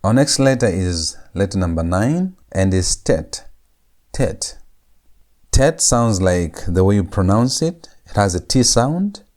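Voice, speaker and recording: A man teaching a language lesson, saying each letter sound over and over in a drawn-out, patient way. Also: on the low side, lively intonation, a little mellow. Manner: repeats each sound several times, drawn out. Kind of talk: slow lecture on letter pronunciation.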